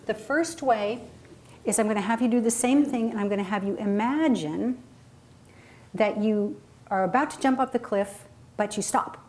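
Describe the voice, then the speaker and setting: A woman coaching a live group on voice, speaking energetically and dropping into sudden high and low demonstration voices. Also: moderate pace, a little mellow. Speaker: voice and presentation coach. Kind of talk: workshop talk to a live audience.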